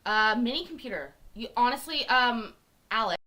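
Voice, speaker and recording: A woman's voice: on the high side, lively intonation, normal speed, bright, forceful tone. A woman from Canada chatting casually and joking with her live-stream viewers. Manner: chatty, joking, laughs often.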